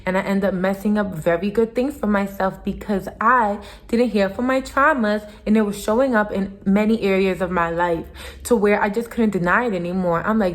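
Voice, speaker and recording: A woman's voice: medium pitch, normal speed. Earnest young woman vlogger. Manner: earnest, repetitive, emphatic with little laughs. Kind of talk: casual motivational talk to camera.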